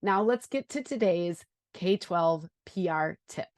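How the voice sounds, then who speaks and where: A woman's voice: fairly low pitch, expressive, takes it slowly, a little mellow, dry recording, clean studio sound. A woman with a Wisconsin accent hosting a podcast, chatty and enthusiastic as she talks tips and interviews a guest. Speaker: podcast host.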